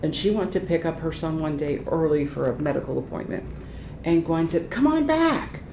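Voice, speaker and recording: Low-voiced older woman telling stories. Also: fairly quick, gravelly. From Ohio, United States. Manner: lively anecdotal storytelling. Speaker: retired transition specialist. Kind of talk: oral history interview, storytelling. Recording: echoey room with faint rumble.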